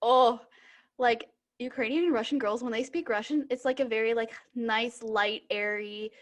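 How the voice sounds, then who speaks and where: A woman's voice: on the high side, moderate pace. A young woman co-hosting a casual podcast, chatting with lots of fillers and restarts. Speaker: podcast co-host, bookseller. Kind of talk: casual chat.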